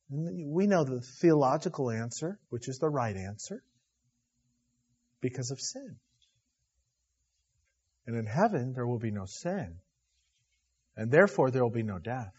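A middle-aged man preaching a sermon as a pastor, emotional, dropping to a hush and then rising loud. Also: medium pitch, animated, measured pace, pauses often, husky. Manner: emotional, swinging from hushed to loud. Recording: dull lo-fi recording.

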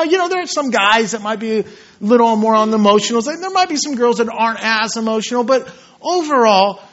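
A man in his thirties preaching a sermon, telling stories with lively acted-out shouts. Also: extremely high pitch, muffled recording. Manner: animated storytelling, acts out scenes with shouts.

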